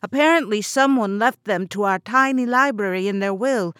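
A woman's voice: medium pitch, moderate pace, fairly bright tone, clean tone, no room sound, clean studio sound, natural voice. A woman voicing an earnest young woman librarian.

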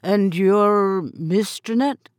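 A woman's voice: medium pitch, drawn-out words, dry recording, studio quality. A woman voicing a polite, easygoing young male fisherman. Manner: easygoing, courteous.

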